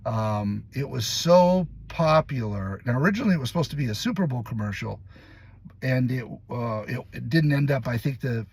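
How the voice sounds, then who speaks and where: Husky-voiced man telling a story. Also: medium pitch, normal speed. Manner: lively, laughs while telling, acts out other people's lines. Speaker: commercial actor. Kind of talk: casual anecdote storytelling.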